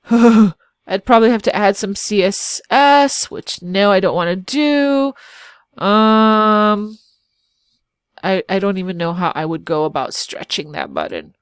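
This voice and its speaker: A woman's voice: mid-range voice, expressive, takes it slowly, clear, resonant tone, no room sound, clean studio sound. A woman web designer hosting a casual screen-share walkthrough of website builders. She talks in a chatty, self-deprecating way and thinks aloud as she clicks around. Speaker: web designer and channel host.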